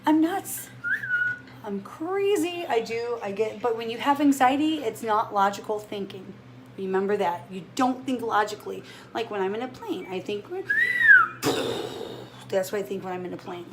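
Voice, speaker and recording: A woman's voice: medium pitch, noisy background. A woman in her thirties, a vlogger telling a rambling, anxious story in a casual chat from home. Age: 30s. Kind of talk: casual vlog rant. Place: home with family nearby.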